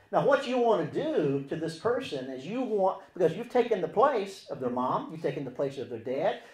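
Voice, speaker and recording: In an echoey room, a Christian relationship teacher delivers sermon-style teaching in a fairly high voice with wide pitch swings. He hammers key points loudly, then sinks into near-murmured asides, repeatedly posing rhetorical questions to his listeners.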